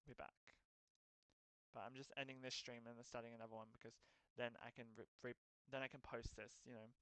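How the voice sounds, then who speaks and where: A man's voice: mid-range voice, little pitch movement, a little fast, a bit bright, clean tone, no echo. Chatty streamer man talking to viewers. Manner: chatty, rambling, talks straight to viewers. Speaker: game streamer. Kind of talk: casual live-stream chat while playing.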